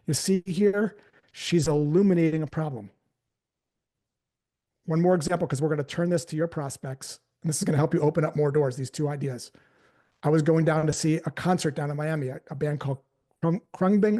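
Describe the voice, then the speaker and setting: Guy teaching sales, kinda high voice but warm and mellow, chill storytelling. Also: brisk. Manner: storytelling, acting out conversations. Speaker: sales trainer. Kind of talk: live training talk.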